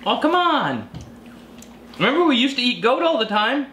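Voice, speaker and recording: A man's voice: very high voice, big pitch swings, normal speed, sharp tone, reverberant, slight background noise. A man hosting a survival vlog, chatting playfully and teasing at a home lunch table, laughing often. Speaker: survival vlogger and channel host. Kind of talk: casual family chat to camera.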